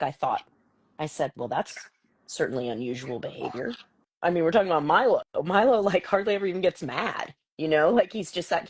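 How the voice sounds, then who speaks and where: A woman hosting a casual live chat, telling an animated story about her son and acting out the voices of the people in it. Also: on the low side, breathy edge, no echo, rough recording. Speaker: host.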